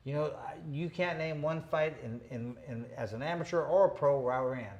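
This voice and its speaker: A man's voice: on the high side, brisk, a little mellow, muffled recording. Rambling tough-talking man in his fifties. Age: 50s. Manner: rambling, tough-talking, full of "you know" asides. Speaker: boxing show host. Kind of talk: casual storytelling chat.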